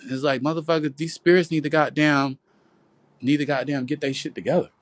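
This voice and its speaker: A man's voice: on the high side, steady tone, brisk, dry recording. A man delivering a profane, rambling, sermon-like monologue on a phone livestream at home, calling his viewers "boo" and "y'all". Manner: profane, preachy, repetitive, calls listeners "boo" and "y'all". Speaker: livestream host.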